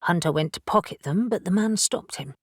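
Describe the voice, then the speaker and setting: A woman reading an audiobook as narrator, measured and even. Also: fairly low pitch, husky, no echo, clean studio sound. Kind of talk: scripted narration.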